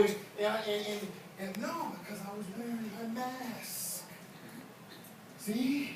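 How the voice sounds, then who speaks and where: A middle-aged man preaching in church with emotional force, swinging from hushed asides to shouting. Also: sits high. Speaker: pastor. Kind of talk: energetic sermon. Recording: echoey hall from far off, noisy.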